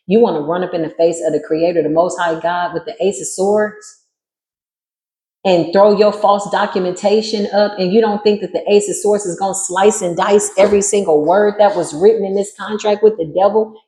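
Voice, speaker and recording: A woman's voice: fairly low pitch, dark tone, roomy sound, rough recording. A woman giving a spiritual tarot reading in a sassy, emphatic, preachy way. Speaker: tarot reader.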